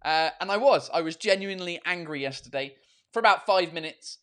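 A man's voice: high voice, a little fast, fairly bright tone. A man hosting his own podcast and live show in casual chat. He rambles, swears freely and mocks himself.

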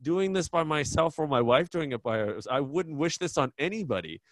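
A man's voice: on the high side, lively intonation, brisk, no echo. A man hosting a casual interview, talking candidly and rambling with self-deprecating laughs. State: tired new parent. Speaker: podcast host.

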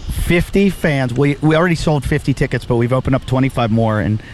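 A man hosting a podcast, telling crude stories in animated, profane casual banter into a studio microphone. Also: medium pitch, a little fast, a little hiss or hum. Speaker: podcast host.

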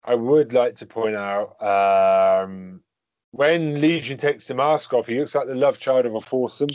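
A man's voice: medium pitch, a little slow. A man co-hosting a podcast in casual chat, hesitant and full of ums. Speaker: podcast co-host. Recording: dull dry lo-fi mic.

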